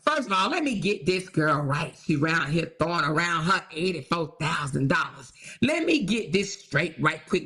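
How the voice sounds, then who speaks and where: Ranting casually on her own channel, a female host is blunt, crude, and mocking, driving points home by repeating phrases. She speaks in a lowish voice that sounds pushed and bright.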